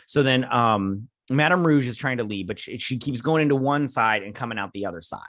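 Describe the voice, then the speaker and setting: A man's voice: medium pitch, a little fast, fairly bright tone, no room sound, studio quality. A man hosting a casual TV episode recap, rambling through the plot with lots of fillers and restarts, sipping coffee early in the morning. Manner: rambling, filler-heavy, paraphrasing scenes. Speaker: host reviewing a TV episode.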